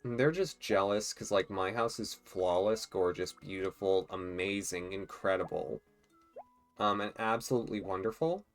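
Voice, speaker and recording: A let's play host chatting casually and joking while playing a life-sim game, thinking out loud. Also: sits low, moderate pace, soft background music. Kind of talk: casual gameplay commentary.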